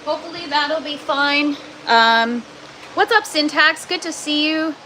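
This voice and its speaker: A woman's voice: high-pitched, a little slow, pushed and bright, slight background noise. A woman hosting a casual home livestream from her grow tent and kitchen, chatting, laughing often and greeting viewers by name. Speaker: livestream host.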